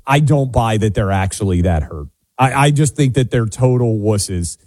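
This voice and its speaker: A mellow-voiced American man co-hosting a talk radio show. He trades opinionated, self-deprecating banter in a dry, close-miked sound. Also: lowish voice, animated, normal speed, dry recording. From United States.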